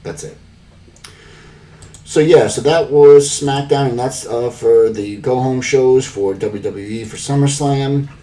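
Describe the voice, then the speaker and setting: Male podcast host, lowish voice, loose and wry, filler-heavy; slightly distant mic with faint background noise. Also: darkish tone. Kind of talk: casual wrestling recap.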